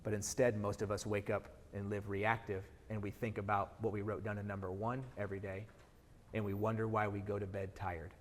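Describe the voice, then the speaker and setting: A middle-aged man delivers a motivational keynote at a rapid clip, pressing the crowd with question after question. His voice carries a long hall reverb from a live event stage. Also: on the low side, slight background noise. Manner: energetic, asks the audience rhetorical questions. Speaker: keynote speaker.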